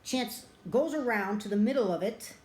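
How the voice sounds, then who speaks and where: A woman's voice: a little high, lively intonation, normal speed, darkish tone. A woman casually retelling a movie plot as a reviewer, rambling and chatty with plenty of filler words. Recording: roomy echo.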